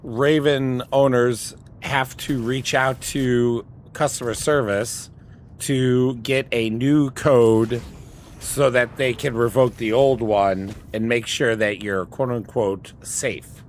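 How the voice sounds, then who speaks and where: A man's voice: medium pitch, steady tone, slow pace, slight background noise. A man streaming, chatting casually with friends and talking himself through tasks as he goes. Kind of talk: casual livestream chat with friends.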